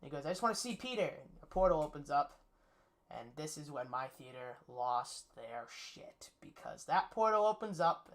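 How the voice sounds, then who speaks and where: A man's voice: mid-range voice, gravelly. A man giving a casual spoiler recap of a movie's plot, eager and rambling, with lots of fillers. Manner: enthusiastic, rambling, with many fillers. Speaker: movie reviewer.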